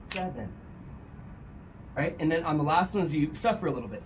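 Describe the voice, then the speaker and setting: High-voiced joking male streamer. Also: lively intonation, measured pace, slight background noise, rough recording. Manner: joking, playful banter with chat. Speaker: game streamer. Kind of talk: casual live-stream chat.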